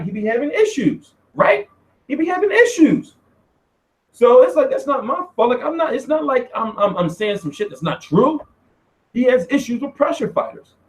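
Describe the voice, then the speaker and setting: A man hosting a casual boxing Q&A stream, talking loosely and profanely, with loud, high-pitched outbursts when he tells a story. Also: low-quality recording. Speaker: boxing show host.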